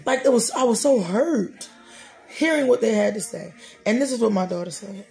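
A middle-aged woman hosting a podcast prays and talks about faith in a preacherly, repetitive cadence. Her fairly high voice is warm, expressive, and creaky, at a moderate pace, with faint music in the background.

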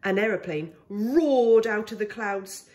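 A woman reading a children's picture book aloud for a pre-school, with expressive storytelling. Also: mid-range voice, slow.

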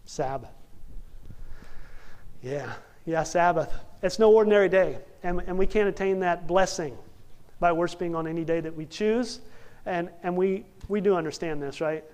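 Animated young male preacher, higher voice. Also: moderate pace, clear, resonant tone. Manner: animated, jokey, acts out characters. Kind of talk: storytelling sermon.

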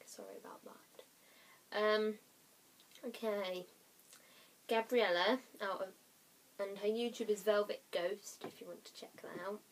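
A woman's voice: mid-range voice, steady tone, a little slow, long pauses. Chatty rambling young woman vlogger. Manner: rambling, apologetic, giggly, drops to whispers. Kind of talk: casual chatty vlog.

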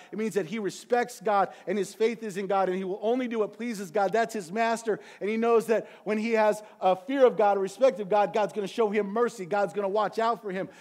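A man preaching a sermon as pastor, passionate, swinging from quiet, quick asides to loud, drawn-out peaks. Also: sits high. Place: church sanctuary.

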